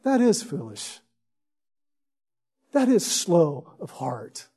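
A man's voice: fairly high pitch, huge pitch swings, drawn-out words, warm tone, slightly rough. A man preaching a sermon in an emphatic way, reading scripture and often asking "right?". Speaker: pastor.

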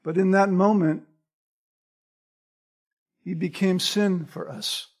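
High-voiced, slow preaching man. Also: steady tone, darkish tone. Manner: emphatic, repeats key phrases for stress; quotes scripture with chapter and verse. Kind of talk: sermon.

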